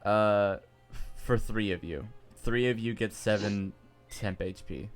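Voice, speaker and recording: A man's voice: lowish voice, takes it slowly, soft background music. A man running a tabletop game as game master, talking loosely and chuckling often.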